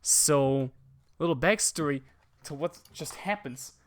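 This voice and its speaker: A man's voice: fairly high pitch, takes it slowly, no echo. A young adult man hosting a casual podcast from a room above his garage, rambling through a story with a lot of swearing. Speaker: podcast host.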